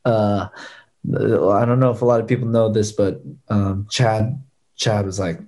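This man in his thirties is a stunt performer appearing as a guest in a relaxed conversation. His voice is fairly low and unhurried, and he tells stories with energy, acting out what other people said.

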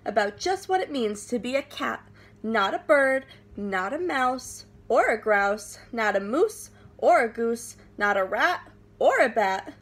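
A woman's voice: fairly high pitch, expressive, unhurried, breathy edge. A woman voicing a stern mother cat who lectures and scolds her kitten. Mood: lecturing.

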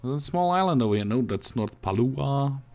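A man's voice: mid-range voice, lively intonation, moderate pace, darkish tone, slight background noise. A man with a Russian accent chatting casually while playing a strategy game with a friend, thinking aloud as he goes. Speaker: gamer. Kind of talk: casual gaming chat.

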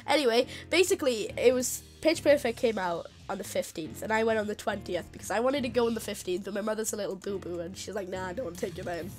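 A woman's voice: mid-range voice, lively intonation, fast, hardly any pauses, faint music behind. A woman telling a funny story to friends over gameplay, giggling as she talks. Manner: giggly, laughs through her story. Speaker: storyteller and channel host.

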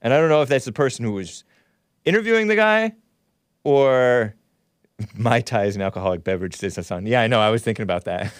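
A man hosting a loose, rambling livestream show, chuckling often as he reads chat and talks to callers. His voice sits at an ordinary middle pitch. It is recorded close and dry, with no room sound. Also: animated, brisk, clear, resonant tone, no room sound. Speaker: host. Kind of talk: casual livestream commentary.

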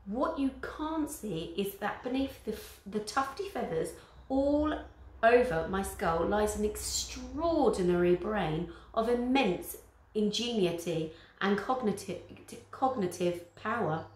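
A woman's voice: medium pitch, expressive, slow pace, a little mellow. Lady doing a smug talking crow, big words, kinda pompous, echoey room. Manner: pompous, long-winded. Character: pompous clever male crow narrator.

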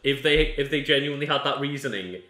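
A man hosting a let's play, chatting in a relaxed, agreeable way and laughing often. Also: mid-range voice, fast. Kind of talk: casual gaming chat. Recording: roomy echo.

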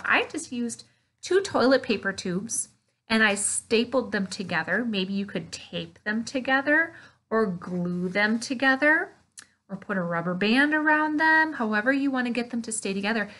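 A woman whose voice is fairly high in pitch leads a playful, lively Bible lesson online for preschoolers, letting out delighted gasps while addressing the little ones.

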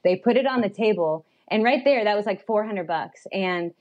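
A young adult woman telling a personal story as a podcast guest, animated and chatty, with lots of fillers and little laughs. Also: medium pitch, normal speed, highs cut off. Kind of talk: storytelling in a casual chat.

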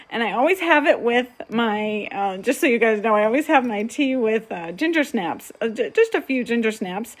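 A woman hosting a casual live-streamed spiritual session, speaking gently and soothingly and laughing often. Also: fairly high pitch, lively intonation, measured pace. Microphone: webcam or phone for a live stream.

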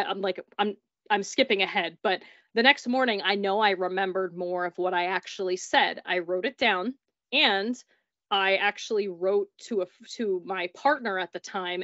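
A woman's voice: mid-range voice, a bit bright, dry recording. Chatty woman telling a strange story. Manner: chatty, peppered with "like", acts out dialogue. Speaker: guest recounting paranormal experiences. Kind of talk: casual storytelling. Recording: dull, dry recording.

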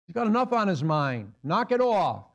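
Male preacher acting an irritated bystander, high-pitched and scolding. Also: sing-song, a little slow, vocal fry, a little mellow, husky, exaggerated voice. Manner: scolding, impatient, exasperated. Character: irritated man in a crowd scolding a beggar. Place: church sanctuary.

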